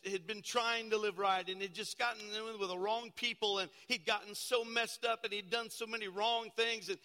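Pastor, male, bright and fairly high voice, dramatic preaching style, long hall reverb. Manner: dramatic storytelling, shifting from loud to hushed. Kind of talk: sermon.

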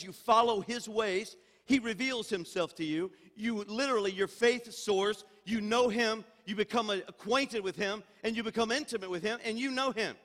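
A man's voice: high-pitched, moderate pace, a bit bright. An older man preaching a sermon as senior pastor, emphatic and calling out for amens. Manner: emphatic preaching, calls for amen. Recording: reverberant church hall.

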